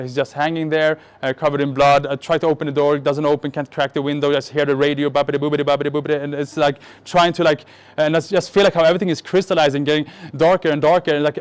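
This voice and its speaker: A man from the Middle East speaks to a live audience in a fairly high voice. He tells a personal story in an animated way, jokes at his own expense and often trips over his sentences as he goes. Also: smooth. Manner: animated, joking, self-mocking, many restarts. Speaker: speaker at a marketing event.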